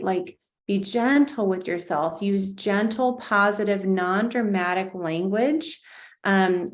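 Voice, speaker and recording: Gentle, thoughtful woman host. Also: medium pitch. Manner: gentle, thoughtful, with halting restarts. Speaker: podcast host. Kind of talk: casual interview chat.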